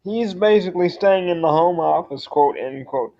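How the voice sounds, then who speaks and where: A male player answers briefly and agreeably in a casual tabletop session. His voice sits a bit high, and it comes through a dull, lo-fi call. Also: expressive, normal speed, warm tone.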